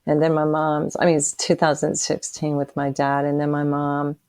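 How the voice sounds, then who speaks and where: A woman in her sixties giving an emotional personal testimony as a podcast guest, halting often and restarting her sentences. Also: deep voice, completely flat delivery, darkish tone, dry recording. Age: 60s. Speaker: interview guest.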